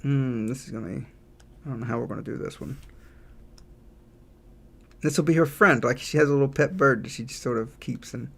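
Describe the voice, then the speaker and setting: A man's voice: medium pitch, fairly quick, vocal fry, long pauses. A man chatting casually on a livestream while he draws, thinking aloud and answering chat. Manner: relaxed, thinking aloud, reads out chat messages. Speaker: game developer streaming live.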